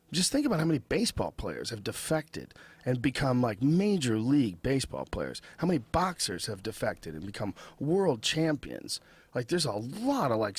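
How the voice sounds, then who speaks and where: A man's voice: medium pitch, husky. A man hosting a podcast in casual chat, talking in an emphatic, profane way. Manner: emphatic, profane, reacting with laughs. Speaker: podcast host.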